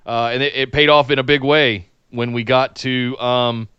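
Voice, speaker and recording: A man co-hosting a live-streamed podcast, reading chat messages and bursting into excited shouts. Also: mid-range voice, moderate pace, smooth, dry recording, highs cut off.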